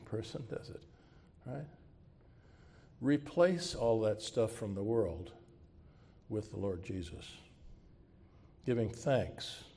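A man's voice: lowish voice, dark tone, slight background noise. A man preaching a sermon as pastor, asking the congregation rhetorical questions and closing with a prayer. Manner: closes with a spoken prayer.

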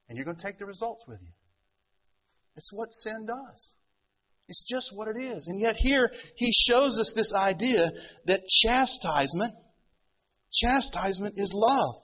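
Husky high-voiced male preacher. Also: animated, measured pace, long pauses, bright, forceful tone, dull audio. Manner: asks rhetorical questions, acts out quoted voices. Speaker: pastor. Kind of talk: sermon.

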